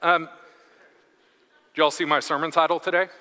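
A man in his thirties preaches in a chatty, self-deprecating way, spinning a funny story for his congregation. His voice sits a little high and rings bright and lively. It carries a long echo through a church hall. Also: normal speed. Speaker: guest preacher. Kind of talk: humorous sermon storytelling. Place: church sanctuary.

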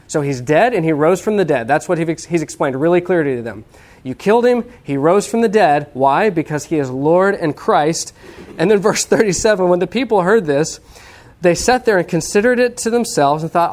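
A man preaching a sermon to a live audience, lively and humorous, checking in with the listeners and acting out what people say. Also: sits high, moderate pace. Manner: talks to the audience with many "okay?" checks. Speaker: pastor teaching on evangelism.

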